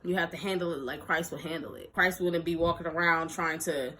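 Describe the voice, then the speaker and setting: A young woman vlogger telling a story in a lively, animated way, acting out quotes and laughing often. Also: sits low, brisk, slight background noise. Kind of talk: storytime vlog.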